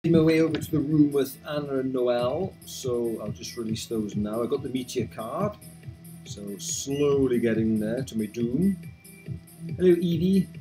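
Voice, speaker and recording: A man's voice: mid-range voice, expressive, moderate pace, over music. A man casually commenting on a video game he is playing, chatty, reading game text aloud and adding wry asides. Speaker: let's play host.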